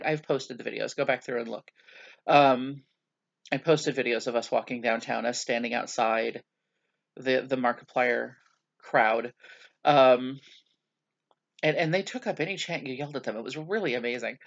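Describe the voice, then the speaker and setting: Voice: mid-range voice, creaky, highs cut off. A vlogger talking through a casual video journal, rambling and self-mocking, with many hesitations and restarts.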